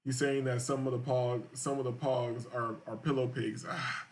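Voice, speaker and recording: A man's voice: mid-range voice, flat delivery, normal speed. A man hosting a live-stream show, reading viewer chats aloud and reacting in crude, rambling, repetitive casual talk.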